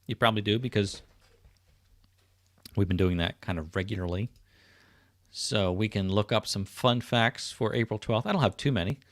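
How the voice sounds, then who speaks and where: On a casual livestream from his home, a middle-aged man reads viewers' comments and greets them by name, chatting easily into a webcam setup. His voice sits on the low side at normal speed with long pauses, and there's no echo.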